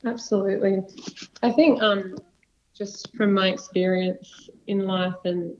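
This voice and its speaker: A young adult woman, a podcast guest talking casually and earnestly about faith, rambling at times in quick bursts. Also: medium pitch, steady tone, darkish tone. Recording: dull lo-fi sound.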